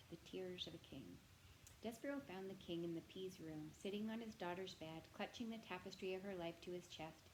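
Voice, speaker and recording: Brief: woman storybook reader, gentle and expressive, mid-pitched voice, faint hiss behind. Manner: gentle, expressive, addresses the listener directly. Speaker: reader of a children's novel. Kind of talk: reading a storybook aloud.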